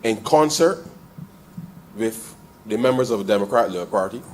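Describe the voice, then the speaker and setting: A man with a Barbadian accent giving a parliamentary debate speech in the chamber, calling the chair "sir" almost every phrase and repeating lines as he builds to forceful points. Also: on the low side, expressive, normal speed, pauses often, slight background noise. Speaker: member of parliament.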